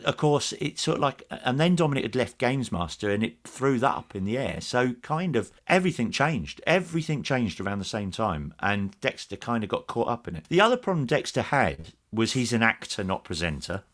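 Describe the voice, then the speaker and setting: A man speaking as a guest in a relaxed interview, his voice at an ordinary middle pitch. He tells stories in a chatty, easygoing way and livens up when quoting others. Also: brisk, hardly any pauses. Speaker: podcast guest, former TV games presenter. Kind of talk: casual anecdotal interview.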